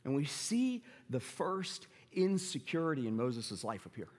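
A middle-aged male pastor preaching in a church, his fairly high voice carried by a long hall reverb. He talks in a relaxed way and acts out the quotes, his voice leaping high on the questions. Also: a little slow. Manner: animated, acts out quoted lines with big pitch jumps. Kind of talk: sermon. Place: church sanctuary.

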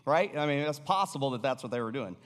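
A man's voice: medium pitch, lively intonation, fast talker. A middle-aged American man preaching a sermon in a loose, conversational way, often restarting and sometimes dropping to a near-whisper. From United States. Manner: conversational, with repeated restarts and sudden drops to a hush. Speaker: pastor. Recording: long hall reverb.

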